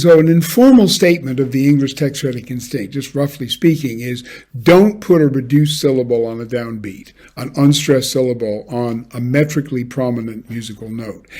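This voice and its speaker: A man giving a measured academic lecture, now and then singing short examples. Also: mid-range voice, a little mellow, slightly rough. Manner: measured, with brief sung examples. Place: home office, recorded for an online lecture.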